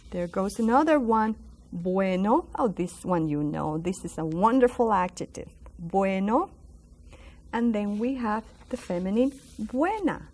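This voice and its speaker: A woman with a mid-range, somewhat dark voice teaches a Spanish lesson over a school broadcast. Her drilling is slow and patient, with repeated words sung out, and she encourages and praises those watching.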